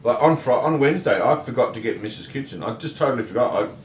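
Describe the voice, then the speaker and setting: A man's voice: mid-range voice, expressive, fast talker. A man co-hosting a casual livestream, greeting viewers by name and teasing his co-host. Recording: echoey room, mic far off, faint noise.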